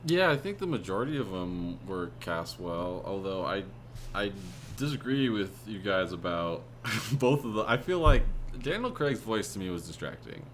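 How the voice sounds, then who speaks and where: A man's voice: fairly low pitch, big pitch swings, moderate pace, slight background noise. A man co-hosting a podcast, giving his views on a film in a rambling, hesitant casual chat with many fillers. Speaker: podcast co-host. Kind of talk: casual movie review chat.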